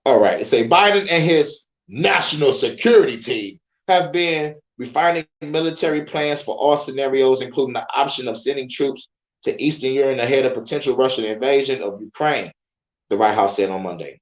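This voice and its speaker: A man's voice: mid-range voice, moderate pace, roomy sound, dull audio. A young man hosting a podcast, reading news aloud in a casual, profane way, often breaking off to joke and laugh and stumbling over names. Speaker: podcast host.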